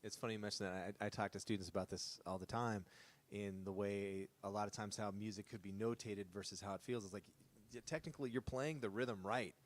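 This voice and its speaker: Fast-talking host guy, kinda low voice, chatting with a musician and talking straight to viewers. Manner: animated, addresses viewers directly. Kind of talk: casual interview.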